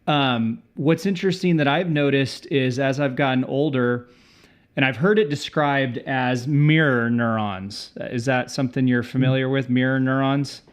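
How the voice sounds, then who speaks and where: A man's voice: medium pitch, normal speed. A middle-aged man hosting a podcast, musing aloud with fillers and restarts. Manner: relaxed, hesitant, many fillers. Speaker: podcast host. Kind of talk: podcast interview.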